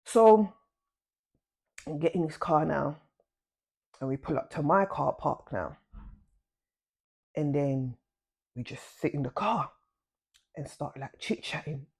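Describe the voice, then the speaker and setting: A woman telling a personal story to camera in a casual, chatty vlog style, full of slang, who jumps up in pitch to act out what people said. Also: slow pace, long pauses, a little mellow, breathy edge. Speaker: vlogger.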